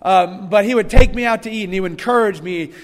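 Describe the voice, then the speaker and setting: A man preaching a folksy sermon who reads scripture slowly and with emphasis. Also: sits high, big-room sound. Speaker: guest preacher. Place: church hall.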